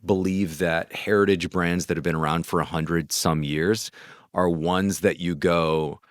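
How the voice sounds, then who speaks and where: A man from North Carolina, a voice actor, telling animated, rambling anecdotes in an interview, with a gritty chest voice. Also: deep voice, a little slow, no room sound, clean studio sound. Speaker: guest voice actor. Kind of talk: casual interview storytelling.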